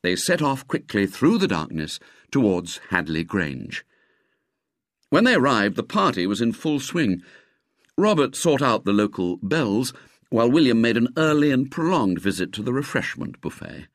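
A man reading a children's story aloud with expressive, lively narration. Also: medium pitch, normal speed, dry recording, studio quality.

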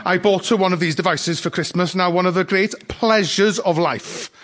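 A man with a North Wales accent doing a stand-up routine on stage, with dry, deadpan storytelling. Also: sits high, moderate pace. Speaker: stand-up comedian. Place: stage before a live audience. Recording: live audience noise.

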